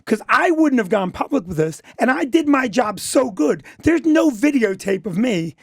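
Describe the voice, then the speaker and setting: A middle-aged man with a gravelly, creaky voice, recorded dry and close. He talks emphatically and defensively, leaning on "listen" and "okay" as he tells his side as a club owner on a radio talk show. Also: very high-pitched, very animated, normal speed, no room sound. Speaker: comedy club owner and guest.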